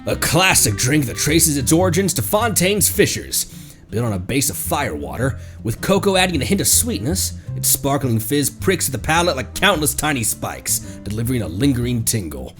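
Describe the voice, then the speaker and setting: Quick bad impression: a man putting on a stiff formal knight, read like a newscaster, lively pitch. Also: over music, natural voice. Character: mock formal knight reading a drink description.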